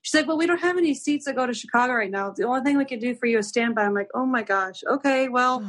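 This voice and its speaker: A young adult woman with a slightly high voice speaks quickly as a podcast guest, casually and animatedly telling a story. She acts out the dialogue and uses "like" a lot.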